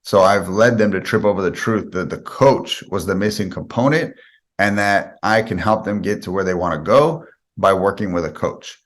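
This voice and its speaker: Guest spot: a deep-voiced man, earnest and conversational, who lays out his ideas one example at a time. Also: moderate pace. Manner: explains with step-by-step examples. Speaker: guest sales expert. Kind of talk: podcast interview answers.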